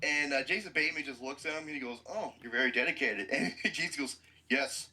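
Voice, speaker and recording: A man's voice: mid-range voice, fairly quick, pushed and bright, poor audio. A man hosting a podcast who gives a blunt, profane movie review with explosive outbursts.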